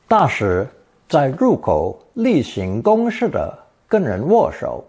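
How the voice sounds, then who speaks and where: A man narrating a scripted language lesson, reading example sentences slowly and then translating each one. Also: medium pitch, wildly swooping pitch, darkish tone, slightly rough. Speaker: language teacher.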